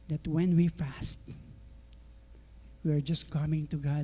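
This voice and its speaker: A middle-aged man with a Filipino accent preaching a sermon, telling stories lively and acting out the dialogue. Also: on the high side, measured pace, long pauses, husky. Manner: lively storyteller who acts out dialogue and laughs along. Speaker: pastor. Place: church sanctuary. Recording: reverberant church hall.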